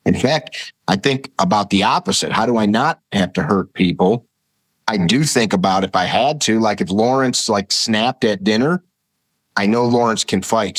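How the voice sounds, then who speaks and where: A man's voice: fairly low pitch, no echo. A man, a podcast guest, telling rambling, vivid stories in casual conversation. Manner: rambling, vivid anecdotes with acted-out quotes. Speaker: podcast guest, firearms instructor.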